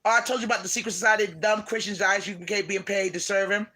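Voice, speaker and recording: A man's voice: high-pitched, fairly even intonation, fast talker, sharp tone. A man ranting to his viewers in a heated, profane, preachy way, talking into his phone. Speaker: vlogger. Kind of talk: casual rant to viewers.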